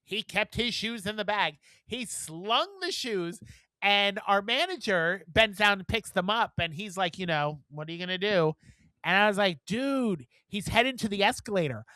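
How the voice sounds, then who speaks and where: A man co-hosting a podcast, telling work stories in a casual, animated way and acting out what people said with big swings in voice. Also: moderate pace, smooth, no echo. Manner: animated, acts out quotes with big jumps in pitch and volume. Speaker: podcast co-host. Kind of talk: casual storytelling chat.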